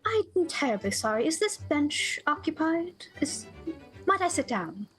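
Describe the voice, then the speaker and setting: A bold, genteel Victorian lady, played by a woman in a tabletop game. She drawls slowly in an affected, posh manner at a slightly high pitch. Faint music plays behind. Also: sing-song, fairly bright tone, heavily acted. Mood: polite. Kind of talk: tabletop role-play voice.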